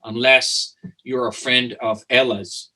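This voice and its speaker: Man, bright and forceful, animated storyteller in interview, restarts a lot. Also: medium pitch, slow pace, low-quality recording. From Italy. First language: Italian. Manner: animated, repeats words and restarts often. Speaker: guest, company founder.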